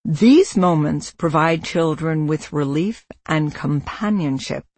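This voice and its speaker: An audiobook narrator and parent reading nonfiction in a measured, instructive way. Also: medium pitch, a little mellow, no room sound.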